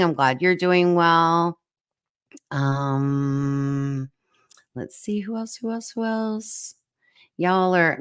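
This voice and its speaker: A woman's voice: on the low side, clean tone, dry recording, clean studio sound. A woman hosting a casual livestream chat, greeting viewers one by one with lots of fillers, her voice cutting in and out. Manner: warm greetings to viewers by name, many fillers. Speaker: livestream host.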